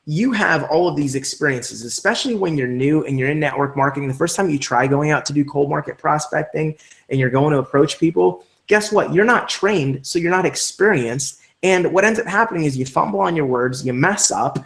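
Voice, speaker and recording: An energetic male trainer hosting a live online session, driving his points home with emphatic coaching. His voice sits a little higher than most men's. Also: a little fast, vocal fry. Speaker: network marketing trainer.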